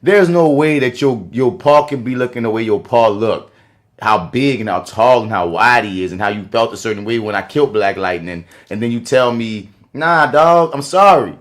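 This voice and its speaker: Animated podcast dude, slangy and cussing, voice jumps all over. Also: male voice, medium pitch, normal speed. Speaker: podcast co-host. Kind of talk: casual chat.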